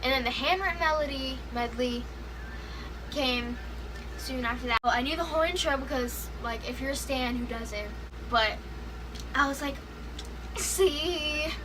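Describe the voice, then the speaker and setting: A young woman telling an excited concert story in a vlog, gushing and filling her talk with "like" as she acts out what people said. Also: high-pitched, background noise. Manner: gushing, heavy use of "like", acts out quotes. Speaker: concert fan vlogger. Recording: music playing clearly behind her.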